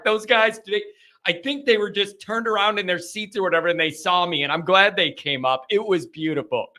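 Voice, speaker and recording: A man hosts a live sports call-in stream, rambling and animated at a slightly fast pace. His voice sits a little high with a bright, forceful edge, and he keeps returning to the same phrases.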